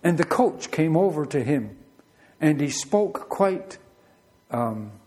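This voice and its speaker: A man's voice: fairly high pitch, lively intonation, takes it slowly, darkish tone. A middle-aged man, preaching a sermon in a conversational, storytelling way full of rhetorical questions. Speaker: pastor.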